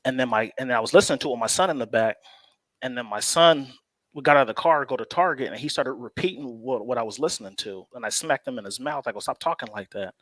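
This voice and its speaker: A man's voice: mid-range voice, fast, fairly bright tone, no room sound. Laid-back man telling a long story. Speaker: co-host. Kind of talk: casual chat.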